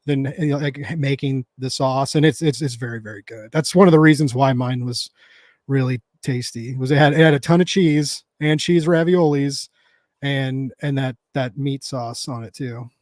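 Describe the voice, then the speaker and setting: A man's voice: medium pitch, normal speed, darkish tone, no room sound, studio quality. A man in his thirties from the United States, rambling casually with lots of fillers, restarts and laughs as a podcast co-host. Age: 30s. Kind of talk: casual chat.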